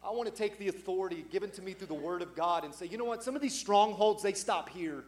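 A pastor delivering a sermon in a church sanctuary, his voice sitting high for a man. He is middle-aged and preaches emphatically, climbing louder on each key point. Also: quick pace.

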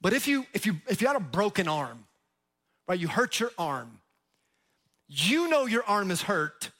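A male pastor preaching a sermon, emphatic, with sudden loud rises and drops, joking with the crowd. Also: sits high, big pitch swings, unhurried. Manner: jokes with the crowd.

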